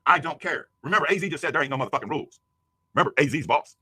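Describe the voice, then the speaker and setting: A man shouting a profane, angry livestream rant, hurling insults at a rival. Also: on the high side, animated, rapid-fire, slightly rough, dry recording. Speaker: YouTube streamer.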